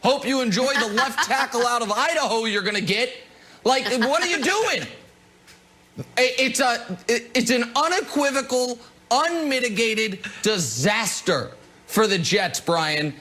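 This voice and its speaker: Brief: male sports show host, very high-pitched, incredulous and sarcastic. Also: expressive, a little slow, sharp tone. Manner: incredulous, sarcastic, stammering restarts. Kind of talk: heated sports debate.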